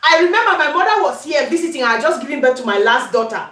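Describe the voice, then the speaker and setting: A Cameroonian woman with a high voice talks viewers through a recipe in her kitchen. She chats casually and drifts into Pidgin. The room rings with an echoey kitchen sound. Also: quick pace, bright, forceful tone. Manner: chatty, addresses viewers, breaks into Pidgin. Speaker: cooking channel host. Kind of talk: casual cooking demonstration. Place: home kitchen.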